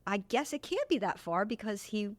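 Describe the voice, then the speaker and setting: A woman's voice: mid-range voice, very animated, normal speed. A woman hosting a podcast, casually retelling an old film's story with many asides and tangents. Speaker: podcast host. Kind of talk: casual film discussion.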